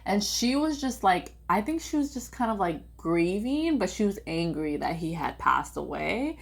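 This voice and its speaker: A young woman telling a personal family story in a casual, rambling way, full of "like" and animated quotes of her parents. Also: mid-range voice, moderate pace, creaky, few pauses. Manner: rambling, heavy use of "like", animated quoting of family.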